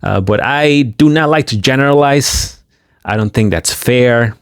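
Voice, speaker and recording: Slow, gravelly male commentator. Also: medium pitch, no room sound, clean studio sound. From United States. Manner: scornful, mocking. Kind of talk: video commentary on a livestream.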